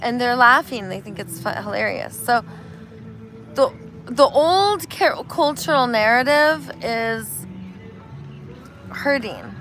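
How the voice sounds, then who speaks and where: A woman, a spiritual healer, talking casually and telling animated stories, acting out voices as she goes. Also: a little high, takes it slowly, long pauses, faint music behind, rough recording. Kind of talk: casual street conversation.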